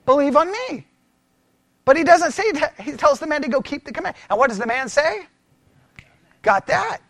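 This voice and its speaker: High-voiced animated man teaching scripture. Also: fast, no room sound, clean studio sound. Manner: animated, asks many rhetorical questions. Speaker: pastor teaching. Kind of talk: conversational Bible teaching.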